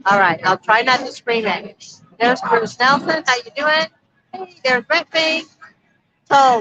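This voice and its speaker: A woman's voice: high voice, sharp tone. A woman co-hosting a casual live stream from a busy street, reading viewer comments aloud and chatting. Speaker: vlog co-host reading live chat. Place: busy street outdoors at a motorcycle rally. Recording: dull lo-fi livestream audio.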